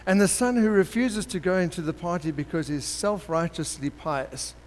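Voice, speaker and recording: Man, preacher, sermon, animated storytelling, slightly high voice, long hall reverb. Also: moderate pace. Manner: animated storytelling, acting out characters. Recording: long hall reverb with faint background noise.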